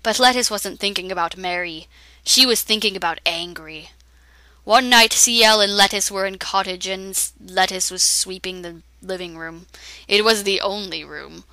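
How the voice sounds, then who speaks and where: A woman reading a fan story aloud, halting and reading its typos as written. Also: medium pitch, bright, forceful tone, dry recording, poor audio. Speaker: reader.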